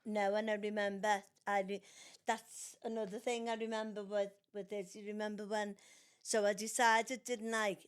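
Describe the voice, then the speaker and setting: Speaking smoothly at medium pitch and normal speed, an older woman guests on the podcast her child hosts. She tells family stories casually, bringing them to life by voicing the quotes loudly and animatedly.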